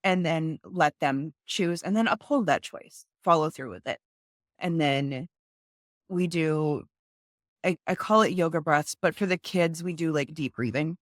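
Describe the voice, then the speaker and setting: A young mother of two with a low voice joins a casual video-call interview as a guest. At a measured pace she explains things earnestly and acts out how she talks with her children, in dry, close sound with no room echo.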